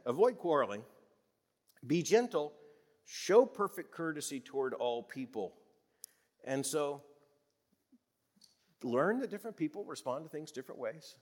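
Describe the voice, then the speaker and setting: An older man in his sixties, from the American South, delivers a sermon in an easygoing, chatty manner, breaking off to chuckle and restart his sentences. His voice sits a little high for a man. A long reverb trails behind him, as if he were preaching in a large hall. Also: darkish tone. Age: 60s. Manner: conversational, folksy, with restarts and chuckles. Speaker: pastor.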